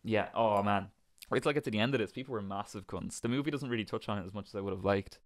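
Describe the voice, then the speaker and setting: A man's voice: lowish voice, quick pace. A young man with a Dublin accent, co-hosting a podcast and telling a story casually. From Dublin, Ireland. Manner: relaxed storytelling with swearing. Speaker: podcast host.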